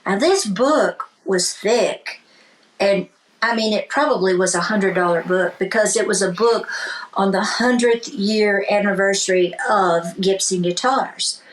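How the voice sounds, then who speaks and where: On a rough recording, this woman speaks at a measured pace in a mid-range voice. A country singer-songwriter being casually interviewed, she brings her stories alive by acting out characters' voices and talks of faith and blessings.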